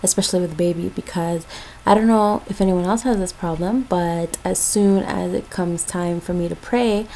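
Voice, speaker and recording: A woman's voice: lowish voice, moderate pace, warm tone, slight background noise, low-quality recording. A young woman from Jamaica, a mother, giving parenting tips in a casual, chatty vlog with lots of ums and likes.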